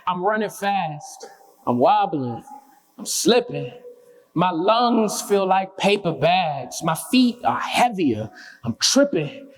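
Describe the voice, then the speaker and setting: High-voiced young man reciting spoken word. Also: very animated, takes it slowly. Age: young adult. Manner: rhythmic, impassioned recitation with chatty asides. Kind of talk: spoken word poetry performance.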